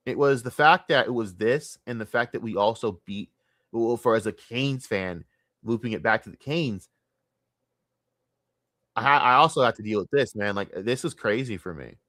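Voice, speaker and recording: A young man streaming a casual, profane and rambling sports rant, talking excitedly. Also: mid-range voice, moderate pace, no room sound, clean studio sound.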